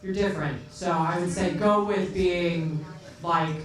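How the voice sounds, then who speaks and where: A woman's voice: fairly low pitch, steady tone, measured pace, a little hiss or hum. A woman judging acts at a live comedy night, giving blunt, crude and candid feedback. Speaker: comedy show judge. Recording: very echoey club, distant mic, crowd.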